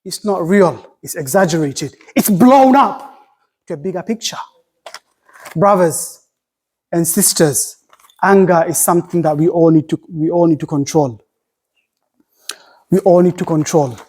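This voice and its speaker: A man's voice: on the high side, a little mellow, husky. Impassioned preacher man, repeating for emphasis. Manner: recites Arabic quickly. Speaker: imam giving Friday sermon. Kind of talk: sermon.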